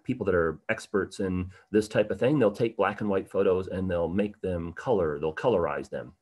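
A tour guide with a fairly low voice presents an art talk as a livestreamed online program. He speaks casually and conversationally, with plenty of ums and asides. Now and then he becomes animated to stress a point.

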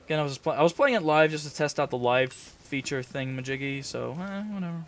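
A man's voice: fairly high pitch, animated, quick pace. Rambling self-deprecating young man gaming. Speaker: gaming channel host. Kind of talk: casual gameplay commentary.

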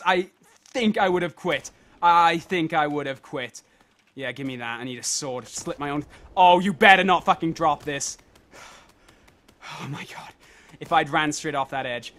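A young man with a high voice commentates on a game he is playing. He is exasperated, swears a lot and shouts at the screen when things go wrong. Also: lively intonation, normal speed. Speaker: gaming video host. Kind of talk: gaming commentary.

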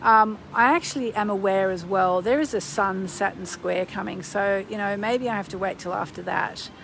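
A woman's voice: mid-range voice, moderate pace, gravelly, noisy background. A woman astrologer chatting on a live stream, rambling with many ums and breaking into bursts of gushing enthusiasm, recorded on a phone. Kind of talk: casual live-stream chat.

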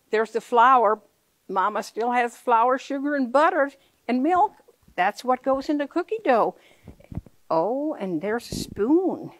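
Animated woman reading a storybook aloud. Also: fairly high pitch. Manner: animated, questioning, playful with listeners. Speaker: picture-book reader. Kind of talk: reading a picture book aloud to children.

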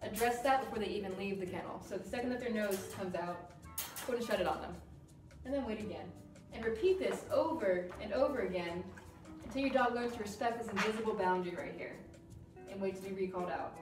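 A woman dog trainer explaining crate training in a calm, firm way while working with a dog. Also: medium pitch, brisk. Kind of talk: instructional demonstration. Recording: roomy sound from a distance with music.

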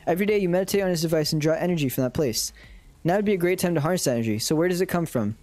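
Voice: medium pitch, expressive, very fast, darkish tone, no room sound. A streamer casually reading a dating sim aloud on a live stream, swearing and laughing at their own slips.

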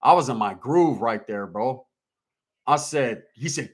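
A man's voice: mid-range voice, normal speed. Laid-back man from East LA. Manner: laid-back, slangy, streetwise. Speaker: livestream host reading chat. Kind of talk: casual live-stream chat.

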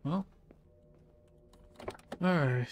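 A man's voice: on the high side, extremely slow, music in the background. A male streamer giving loose, profane gameplay commentary, chuckling to himself as he plays. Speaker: gaming streamer.

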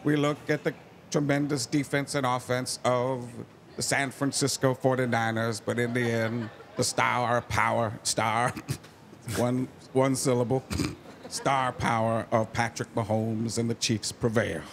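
A comedian impersonating a calm elderly male narrator, speaking slowly and solemnly. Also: mid-range voice, voice pushed down, natural voice. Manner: slow, even, solemn delivery.

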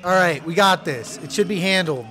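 A young man giving loud, profane let's play commentary, yelling at his game companion. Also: high voice, moderate pace, a little hiss or hum. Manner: excitable, swears loudly, yells at his companion. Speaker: gaming video creator.

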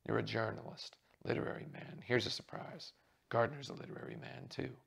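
A man voicing a drunk, blustering male stage actor who taunts loudly, in a read-aloud novel. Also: mid-range voice, steady tone, brisk, creaky, slightly rough, full character voice. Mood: taunting. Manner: loud, taunting delivery.

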